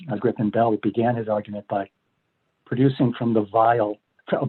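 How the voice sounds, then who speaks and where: Older male law professor, husky, measured, phone-quality audio. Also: mid-range voice. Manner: measured, many fillers and restarts. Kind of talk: explanatory interview talk. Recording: phone-like line.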